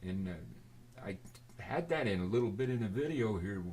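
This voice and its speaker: An older man telling a rambling personal story to his camera, halting and forgetful, with many restarts and fillers. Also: on the low side, animated, darkish tone. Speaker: video storyteller.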